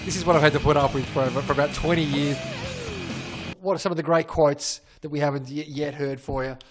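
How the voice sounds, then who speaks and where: A man co-hosting a casual chat, making wry jokes and giving quick short agreements. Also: a little high, steady tone, over music. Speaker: podcast co-host.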